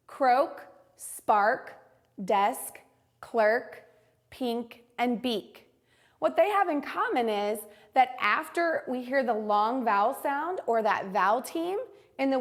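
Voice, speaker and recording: A woman teaching a phonics lesson to young children, modeling each word carefully and slowly. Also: on the high side.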